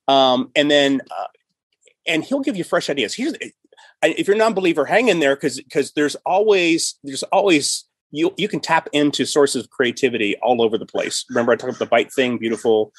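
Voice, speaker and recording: A middle-aged male podcast host and writer in casual chat, animated and often restarting and repeating himself. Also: mid-range voice, normal speed, breathy edge, no echo.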